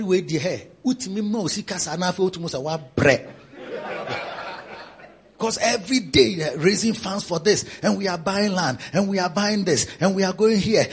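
A pastor preaching a sermon in a teasing, repetitive style. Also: male voice, sits high.

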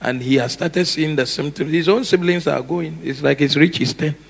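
A man preaches with a husky, gravelly voice set fairly high. He is animated, acting out little scenes with sudden shouts and bursts of laughter. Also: normal speed. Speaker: pastor. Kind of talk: sermon.

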